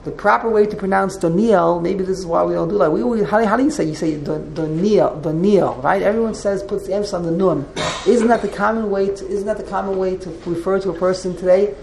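A woman's voice: medium pitch, quick pace, vocal fry, few pauses, a little mellow, slight background noise. A woman teaching a text class, explaining as she goes and often repeating and restarting her words. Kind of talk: classroom lecture with questions. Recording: roomy echo.

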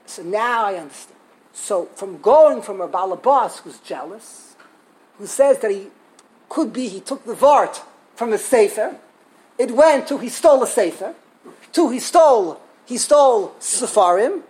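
A fairly high, husky woman's voice carries this Torah lesson. She tells it as a lively story, acting out each quote with bursts of emphasis. A touch of breathiness runs through her speech. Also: a little slow, poor audio. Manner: animated storyteller, acts out quotes, laughs. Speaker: Torah teacher.

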